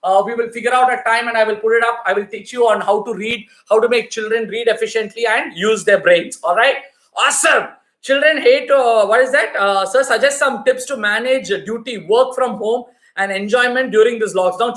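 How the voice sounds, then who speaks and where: A man with a high-pitched, fairly bright voice speaks fairly quickly in a roomy-sounding space. As a parenting coach giving a live online talk, he answers viewer questions emphatically, repeating his key points for the audience.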